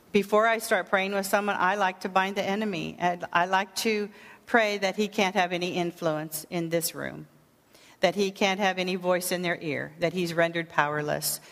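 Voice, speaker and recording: A woman teaching a sermon on prayer ministry, speaking earnestly and gently with frequent fillers. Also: on the low side, fairly even intonation, moderate pace, vocal fry, in a large hall.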